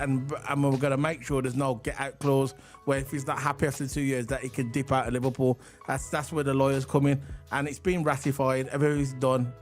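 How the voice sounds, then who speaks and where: A man's voice: mid-range voice, a little mellow. A man co-hosting a casual livestream, chatty and rambling, hyping the chat and reading transfer news. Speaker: livestream co-host.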